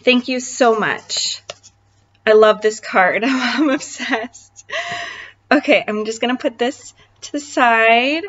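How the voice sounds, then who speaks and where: A woman hosting a craft channel, chatting casually and gushing excitedly with lots of fillers while she unboxes gifts. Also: fairly high pitch, slow, muffled recording. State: voice cracking.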